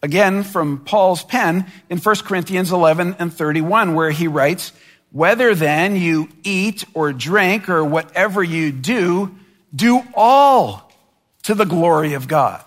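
High-voiced man preaching in a reverberant hall. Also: unhurried, a bit bright. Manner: earnest preaching, voicing imagined complaints with rising intensity. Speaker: pastor. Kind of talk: sermon.

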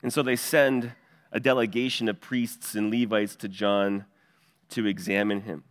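A man's voice: fairly low pitch, flat delivery, a little slow, in a large hall. A male pastor preaching an expository sermon in an earnest teaching cadence, pointing listeners to verses.

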